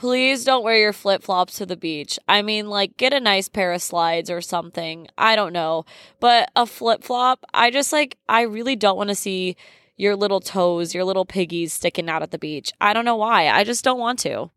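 A woman's voice: medium pitch, moderate pace, fairly bright tone, no room sound. Young woman, podcast host, candid, swears a lot, laughs often, dry close sound. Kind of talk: casual chat.

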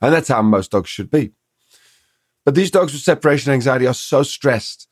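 A man's voice: medium pitch, normal speed, no room sound, clean studio sound. A middle-aged man, a dog trainer in a podcast conversation, explaining his ideas and acting out little quotes from dogs and owners. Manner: animated storyteller, acts out dog and owner quotes.

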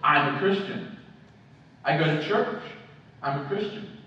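A man's voice: on the high side, unhurried, bright, forceful tone, very echoey, recorded from a distance, highs cut off, a little hiss or hum. A man voicing a self-assured churchgoer who brushes off doubts, insisting on his faith. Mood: dismissive.

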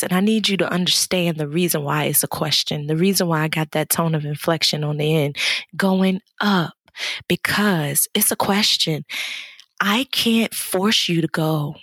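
A lower-pitched woman with a husky tone gives an exuberant motivational talk, sounding like a podcast host. Her voice is close and dry, with no room sound. She talks in a preachy way and keeps calling the listener baby. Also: moderate pace, a bit bright, dry recording. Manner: exuberant, preachy, pet names like baby and child. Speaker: podcast host and life coach.

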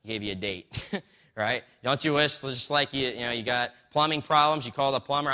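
Bright-voiced preacher in a reverberant hall. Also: male voice, medium pitch, a little fast. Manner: conversational, storytelling with acted quotes, frequent "right?" asides. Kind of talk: sermon.

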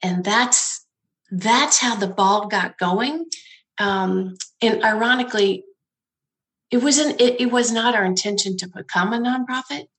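A woman's voice: mid-range voice, unhurried. A woman who founded a nonprofit, telling her story in a conversational interview, laughing often and acting out the people she quotes.

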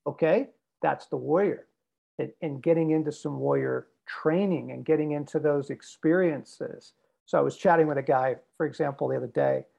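A man's voice: on the high side, moderate pace, creaky, mellow. A man speaking as a podcast guest, emphatic and repetitive with a preacher-like drive. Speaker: guest speaker on men's development. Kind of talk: podcast conversation.

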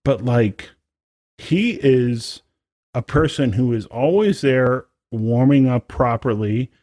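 A man's voice: medium pitch, expressive, takes it slowly, a little mellow, no echo, clean studio sound. A man co-hosting a podcast, chatting casually and rambling with lots of fillers and restarts. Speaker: podcast co-host, brass musician. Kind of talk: casual chat.

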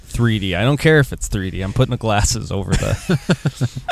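A man's voice: lowish voice, expressive, moderate pace, vocal fry. A man in his thirties hosting a podcast quiz game, playfully reading out ride announcements in casual chat.

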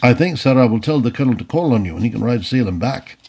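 A man voicing a polite, calm young soldier in an audiobook reading. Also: medium pitch, quick pace, gravelly, slight background noise. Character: daring young Patriot sergeant.

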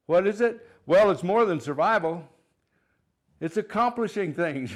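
A man preaching a sermon, fervent and emphatic, repeating phrases and swinging between loud declarations and quiet asides. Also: high-pitched, animated, measured pace. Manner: fervent, rising and falling in loudness, chuckles between points.

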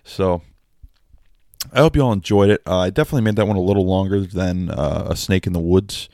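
A man's voice: low voice, brisk, a little mellow, no room sound, studio quality. A man casually reading a story aloud and joking about his own slips. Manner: self-deprecating, laughing at his own slips. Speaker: storyteller and channel host.

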